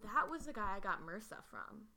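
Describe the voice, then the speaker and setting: Give me a bright, chatty woman with a slight lisp, co-hosting a podcast. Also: medium pitch, animated, a little fast, creaky. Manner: chatty storytelling with many fillers. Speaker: podcast co-host. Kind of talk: casual chat.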